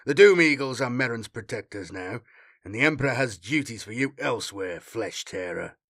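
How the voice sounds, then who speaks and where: A man's voice: medium pitch, expressive, moderate pace, a bit bright, dry recording, studio quality. A man voicing a proud warrior sergeant who speaks firmly and with control.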